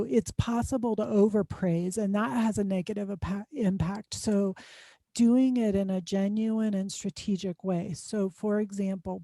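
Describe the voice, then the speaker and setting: Woman expert explaining stuff w lots of ums, super mellow dark voice, dry close sound. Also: medium pitch, no echo. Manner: explanatory, frequent "um" fillers. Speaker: guest expert on student success. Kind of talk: conversational advice in an interview.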